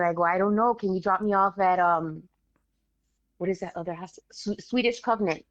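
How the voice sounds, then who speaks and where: A woman, a guest telling a story in casual animated talk, acting out the voices of others. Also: medium pitch, normal speed, dry recording, muffled recording. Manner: animated, acts out quoted voices, swears casually.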